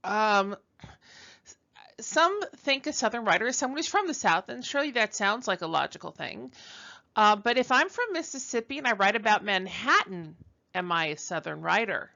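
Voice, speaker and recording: A woman's voice: medium pitch, animated, moderate pace, vocal fry, sharp tone, dull audio. A woman from Brooklyn giving a conversational recorded university lecture, chatty and self-deprecating, with frequent ums and uhs. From Brooklyn, New York.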